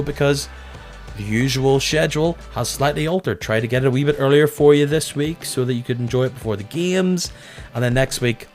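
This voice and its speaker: A man hosting a casual podcast, chatty and self-mocking with lively asides. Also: medium pitch. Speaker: podcast host.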